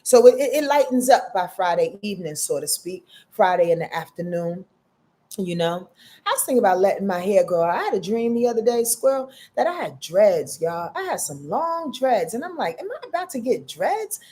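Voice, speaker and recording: A woman in her fifties giving a casual astrology forecast, slangy and profane, calling her listeners y'all and swinging between loud outbursts and soft murmurs. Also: medium pitch, big pitch swings, normal speed. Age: 50s. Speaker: astrology host.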